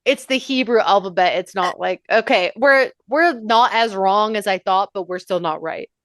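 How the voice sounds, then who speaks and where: A woman co-host from New York, bantering and reading notes in a dry, close-miked room. She is loud and profane and breaks into shrieking laughter. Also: medium pitch, normal speed, dry recording. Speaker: podcast co-host. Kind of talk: casual chat reading history notes.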